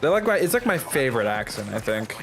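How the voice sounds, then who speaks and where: A man's voice: mid-range voice, very animated, fast talker. Guy streaming a game, rambly and goofy, mid voice, music playing behind. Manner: chatty, rambling, playful exclamations. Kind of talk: casual gameplay commentary.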